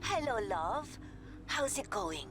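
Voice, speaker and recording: A slow, doting mum. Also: female voice, fairly high pitch, sing-song, background noise. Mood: fond. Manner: fond and motherly, calls him love. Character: doting mother of a young racing driver.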